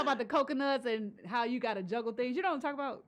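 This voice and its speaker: A woman co-hosting a podcast in a playful, casual chat, laughing often and trading quick jokes. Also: sits high. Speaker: podcast co-host.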